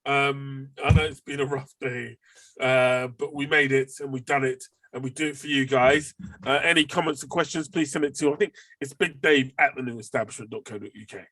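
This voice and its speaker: A man with a husky, mid-pitched voice, hosting a loose podcast chat between friends. He rambles, throws in fillers and swears now and then. His voice sounds dry and close to the mic. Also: fairly even intonation, a little fast, bright, forceful tone, no room sound. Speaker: podcast host. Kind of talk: casual chat.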